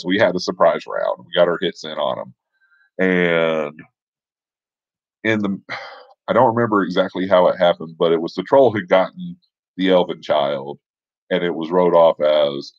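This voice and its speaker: A man's voice: deep voice, measured pace, no room sound, dull audio. A man casually retelling a tabletop role-playing game session in a rambling, offhand way. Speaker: storyteller.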